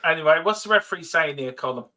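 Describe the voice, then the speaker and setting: A man hosting a live football watch-along stream from home, giving joking, excitable match commentary between teasing banter and frequent laughs. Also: fairly high pitch, quick pace. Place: home streaming setup with a TV behind him.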